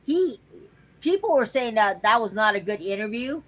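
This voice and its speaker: A woman's voice: on the high side, very animated, moderate pace, a little hiss or hum, low-quality recording. A woman hosting a casual livestream, joking and teasing her co-host in a playful way. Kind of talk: casual chat.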